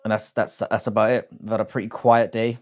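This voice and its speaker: A man's voice: lowish voice, little pitch movement, a little fast. British male streamer, casual and foul-mouthed, reads out and greets his chat. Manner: crude, swears often, greets chat by name. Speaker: live-stream host.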